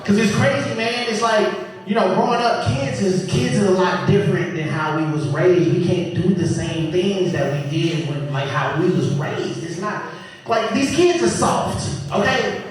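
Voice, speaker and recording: A high-voiced man at a moderate pace delivers a stand-up set in a comedy club, spinning animated stories and playing out his relatives. The sound comes from a distant mic in a very echoey live room, with the audience audible.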